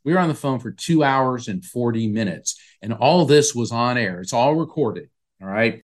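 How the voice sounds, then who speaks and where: Man telling a lively anecdote. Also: medium pitch, moderate pace. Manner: animated storyteller acting out quoted voices. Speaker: psychic medium guest. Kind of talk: storytelling in an interview.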